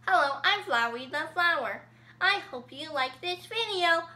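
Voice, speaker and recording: A woman's voice: extremely high pitch, lively intonation, a little slow, pushed and bright, exaggerated voice. A female speaker voicing a cheery talking flower in a sweet, sing-song, upbeat way.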